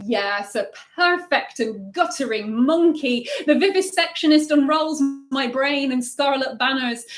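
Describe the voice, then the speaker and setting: Woman reading poetry in an echoey room. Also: sits high. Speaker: poet. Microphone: livestream.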